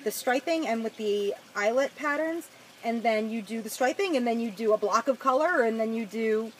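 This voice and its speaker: A woman's voice: fairly high pitch, normal speed, a little hiss or hum, low-quality recording. A young woman with a Long Island accent co-hosting a casual knitting podcast, chatty and self-mocking. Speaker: podcast co-host. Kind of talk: casual chat.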